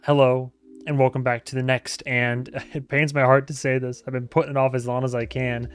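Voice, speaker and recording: A man's voice: mid-range voice, level tone, brisk, clear, resonant tone. A man hosting a reaction channel, talking casually to his viewers and stumbling through German phrases with a self-mocking laugh. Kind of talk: casual talk to camera.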